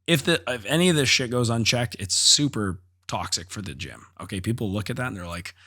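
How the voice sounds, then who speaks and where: A man's voice: lowish voice, animated, brisk, bright, forceful tone. A man hosting a solo podcast, telling a gym story in a blunt, profane, casual way and acting out the quotes. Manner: blunt and profane, acts out quotes with rising intensity. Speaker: podcast host and jiu-jitsu instructor.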